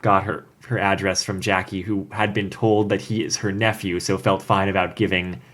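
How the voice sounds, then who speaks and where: A man's voice: sits low, level tone, moderate pace, a bit bright. A man co-hosting a casual podcast, summarizing a story with hesitant restarts and fillers. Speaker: podcast co-host. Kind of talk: casual podcast chat about fanfiction.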